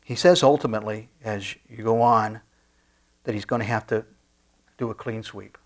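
A man preaching a sermon in a conversational way, with frequent restarts and soft asides. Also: on the low side, moderate pace. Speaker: pastor.

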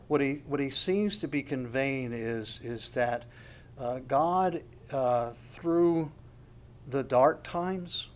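A man preaching a conversational sermon in a reflective way, asking his listeners questions as he goes. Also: on the high side.

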